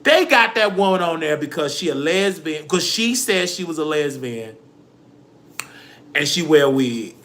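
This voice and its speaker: On a livestream, a man delivers a dramatic, preachy, emotional rant, often crying and quoting scripture. His voice is on the high side, sing-song, unhurried and a bit bright, with a slight hiss or hum.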